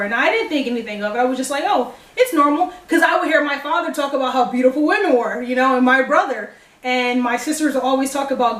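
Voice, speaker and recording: A young woman telling a personal story to the camera, acting out the dialogue as she goes. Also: sits high. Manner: animated, acts out dialogue. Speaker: vlogger. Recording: echoey room, distant mic.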